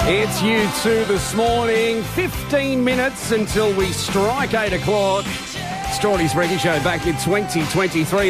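Jovial high-voiced Australian radio host. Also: male voice, normal speed, over loud music. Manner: jovial, laughs loudly at callers. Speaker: radio breakfast show host. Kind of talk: breakfast radio banter.

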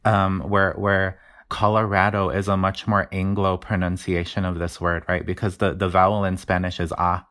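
Man, very low voice, flat, explanatory, hesitant. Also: normal speed, hardly any pauses. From Mountain West. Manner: explanatory, many fillers and restarts. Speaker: linguistics researcher guest. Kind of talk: casual interview talk.

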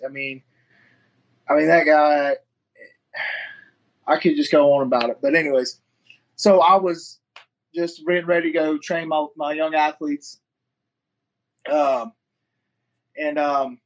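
A man, telling a story in a casual interview, rambling and profane, acting out what people said. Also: on the high side. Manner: rambling, profane, acts out quoted dialogue. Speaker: fighter and firefighter, interview guest. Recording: muffled lo-fi audio.

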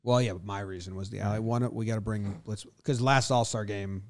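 A man's voice: on the low side, fairly even intonation, a little fast, dry recording. A man co-hosting a casual sports podcast, playful and jokey as he rattles off stats. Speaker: podcast co-host.

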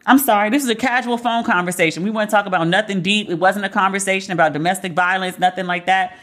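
A woman's voice: medium pitch, quick pace. A woman in a casual commentary monologue, talking candidly and profanely and acting out other people's voices as she retells stories. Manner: candid, profane, animated storytelling.

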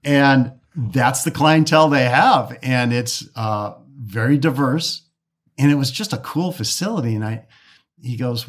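Speaking a little slowly in a mid-range voice, a Detroit-area man who works as a golf course architect tells stories in a casual interview, repeatedly restarting and acting out quoted speech.

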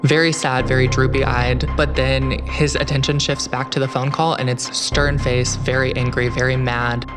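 A young man telling his own true story in the first person, in an earnest, measured way. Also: mid-range voice, flat delivery. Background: music.

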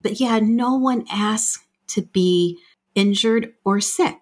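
A middle-aged woman from the United States, speaking as a healthcare finance guest in a frank, plain-spoken way with quick asides. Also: mid-range voice. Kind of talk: conversational explaining.

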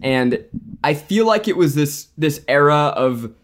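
Man, podcast co-host, slightly high voice, earnest opinions, relaxed talk. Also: a little slow. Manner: earnest, argues his opinion. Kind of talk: casual chat.

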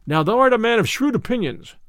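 A man's voice: extremely high pitch, big pitch swings, quick pace, fairly bright tone, dry recording, studio quality, voice pushed up, exaggerated voice. A man voicing a hearty, bold outlaw who speaks in old-fashioned courtly phrases, in a storybook reading. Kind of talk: storybook character voice.

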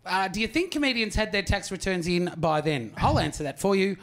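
A man's voice: sits high, a little fast, a bit bright, slight background noise. An Australian man in his forties doing a stand-up comedy routine, telling a story loosely, swearing and throwing asides to the audience. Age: 40s.

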